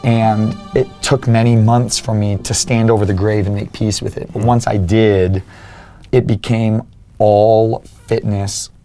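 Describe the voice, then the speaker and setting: A man's voice: fairly low pitch, little pitch movement, a little slow, mellow, soft background music. A young man, a fitness coach as a podcast guest, earnestly telling his own story and acting out remembered conversations. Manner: earnest, acts out remembered dialogue. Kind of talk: personal storytelling in an interview.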